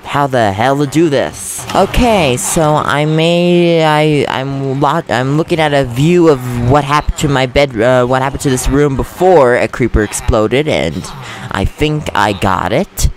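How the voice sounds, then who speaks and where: A young man casually commenting on his Minecraft game, excitable and quick to rant when annoyed. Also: mid-range voice, a little hiss or hum. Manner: excitable, swings from calm chatter to loud frustrated rants. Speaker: gaming host.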